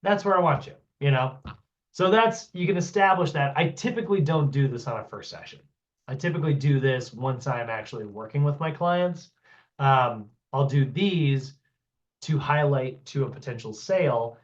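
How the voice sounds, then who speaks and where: A man runs a fitness training class in a relaxed, conversational way. He keeps dropping "like" and "you know" and acts out what a client might say. His voice sits at an average pitch and comes through a dull, lo-fi connection. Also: moderate pace. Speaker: fitness instructor. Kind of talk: casual explanatory teaching. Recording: dull, lo-fi sound.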